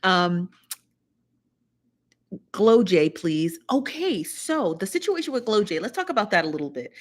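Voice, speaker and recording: Woman, livestream host, loose and chatty, mid-pitched voice. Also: big pitch swings, a little slow. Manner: chatty, greets viewers one by one, lots of laughs. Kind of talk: casual livestream chat.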